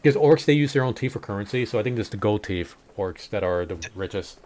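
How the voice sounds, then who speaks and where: A man's voice: on the low side, expressive, fast talker, darkish tone, slight background noise. A man streaming a game and chatting casually, wandering through long lore explanations with plenty of fillers. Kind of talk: casual gaming chat.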